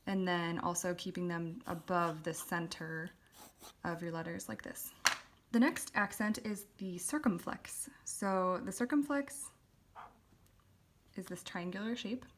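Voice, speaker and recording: A woman calmly teaching a calligraphy lesson, explaining step by step with occasional ums while she writes. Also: on the low side, a little slow, slight background noise. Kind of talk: instructional voice-over while writing.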